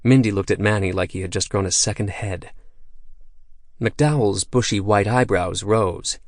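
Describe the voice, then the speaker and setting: An audiobook is read by a man whose voice sits on the low side, captured clean in the studio with no room sound. He moves through the scripted narration at a normal, steady, even pace.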